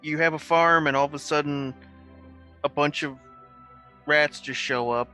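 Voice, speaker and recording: Bright, skeptical player man. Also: fairly high pitch, fairly even intonation, measured pace, soft background music.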